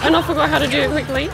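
High, lively woman gamer over loud music. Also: gravelly, very noisy. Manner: panicky, exclaiming and swearing often. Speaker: gamer playing a horror game. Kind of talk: live gameplay commentary. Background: loud game music and sounds.

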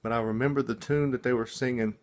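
Halting man recounting a dream. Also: medium pitch, steady tone, darkish tone. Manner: halting, many restarts and repeated words. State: just woken up. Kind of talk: casual spoken testimony.

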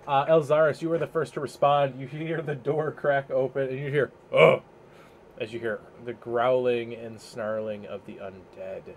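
A man narrating as game master for a tabletop role-playing session, in a casual, relaxed way with filler pauses. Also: medium pitch.

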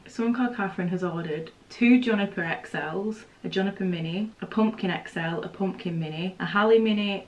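A woman with a fairly low voice talks to the camera in a casual, excitable vlog chat, breaking into giggles as she goes. She records in her home studio workroom with a faint hum of room ambience behind her. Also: rough recording. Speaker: small business owner.

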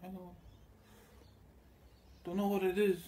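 A man talks through a loose, wandering story, slipping into quick imitations of the people he met. His voice sits a little high but sounds mellow and warm. A faint hum of background noise runs underneath. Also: flat delivery. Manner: meandering and crude, acts out other voices in quotes. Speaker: vlogger. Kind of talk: rambling casual storytelling.

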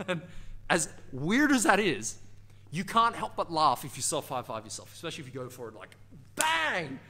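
An energetic Australian man hosts a dance channel and gives a motivational lesson straight to camera. His voice sits a little high, and it is bright and tense as it swings up and down. He talks with emphasis and acts out the inner voices he describes. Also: brisk. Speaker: dance teacher and channel host.

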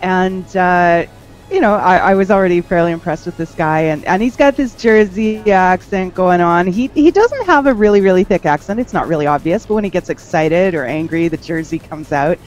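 A woman's voice: on the low side, animated, normal speed, darkish tone, dull audio, soft background music. A woman hosting a casual live-stream chat, talking in a wry, emphatic way and stretching her stresses.

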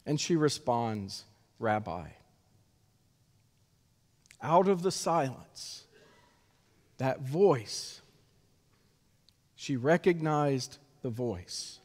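A male pastor delivering an Easter sermon in a slow, measured way with dramatic pauses, in a church sanctuary. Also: mid-range voice, expressive. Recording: long reverb of a church sanctuary.

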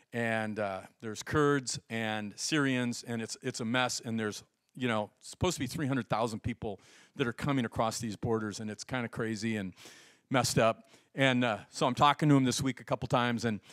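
A male pastor preaching a sermon in an animated storytelling way, acting out the voices in his stories. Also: medium pitch, no echo, studio quality.

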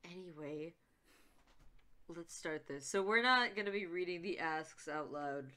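Giggly woman, bright casual chat. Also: lowish voice. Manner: giggly, rambling, quick to apologize. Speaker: fan voice actor and co-host.

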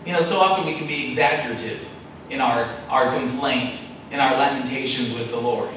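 A man's voice: medium pitch, normal speed, a bit bright, a little hiss or hum. A male pastor preaching a sermon, acting out prayers in a raised, pleading voice. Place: church sanctuary. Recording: echoey church hall, mic at a distance.

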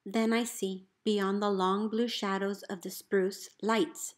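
A woman, a teacher, reading a picture book aloud in an expressive storybook voice, calling out the commands with gusto. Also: medium pitch, takes it slowly. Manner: expressive, calls out dog commands loudly.

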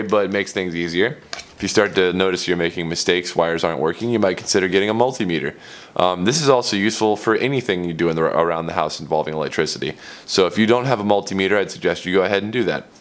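Deep-voiced man in a casual DIY vlog. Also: a bit bright. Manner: candid, rambling, self-correcting. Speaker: channel host. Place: home studio.

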